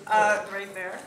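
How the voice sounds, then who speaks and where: A woman moderating a film Q&A, briskly calling on audience members. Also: mid-range voice. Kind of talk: hosting audience questions. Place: large cinema theater. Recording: noisy, echoey theater from far off.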